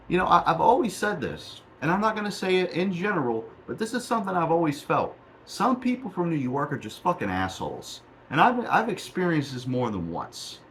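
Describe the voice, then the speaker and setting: A man's voice: fairly high pitch, fairly bright tone, a little hiss or hum, rough recording. A young man in a heated, profane rant to the camera, recorded on a cheap mic in a small room at home. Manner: profane, heated, repetitive ranting. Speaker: YouTuber.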